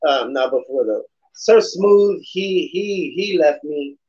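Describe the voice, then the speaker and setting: A man's voice: a little high, animated, slow, a little mellow, breathy edge. A male host chats loosely through a morning podcast, drifting between topics with slang and swearing. He is recorded in a room at home, and the sound is dull and lo-fi. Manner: rambling and laid-back, peppered with slang and swearing. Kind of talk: casual morning show chat.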